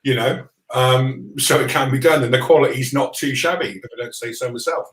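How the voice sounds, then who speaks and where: A man who is a livestream guest, telling a story in a measured, hesitant way. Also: mid-range voice, fairly bright tone, echoey room, poor audio. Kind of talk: casual livestream chat.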